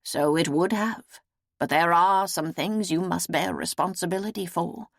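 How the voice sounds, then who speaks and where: A woman's voice: lowish voice, gravelly, no room sound, clean studio sound. A woman doing a weary old seer. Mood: solemn. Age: older. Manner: slow, solemn, measured.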